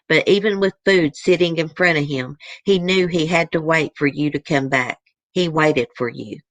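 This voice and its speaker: A woman's voice: low voice, fairly bright tone, no room sound. A woman host reading a letter aloud to her viewers in an earnest, easily moved way, stopping now and then to comment.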